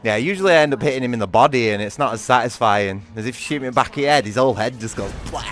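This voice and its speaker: A man with a British accent giving excitable live gameplay commentary, swearing often and talking straight to his viewers. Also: medium pitch, very fast, faint music behind. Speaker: gaming streamer.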